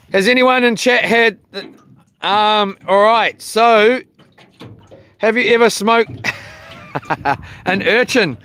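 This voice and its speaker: Slow-talking New man on a boat. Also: high voice, fairly bright tone, slight background noise. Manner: rambling, joking, many ums. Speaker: fishing livestreamer. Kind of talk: casual chat to a live chat. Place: small boat out on the water.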